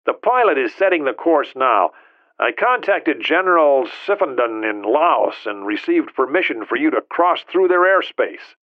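A brisk, businesslike ops chief reporting over a phone, as a male narrator puts him on. The line is thin and tinny, like a narrow telephone band, and the voice sits a little higher than the narrator's own. He runs through each detail plainly. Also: big pitch swings. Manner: brisk, matter-of-fact. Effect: phone filter.

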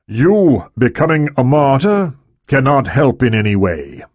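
A man's voice: medium pitch, sing-song, measured pace, darkish tone, no echo, clean studio sound, voice pushed up. A man voicing a pleading male intelligence chief in an audiobook. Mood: urgent. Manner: urgent, pleading.

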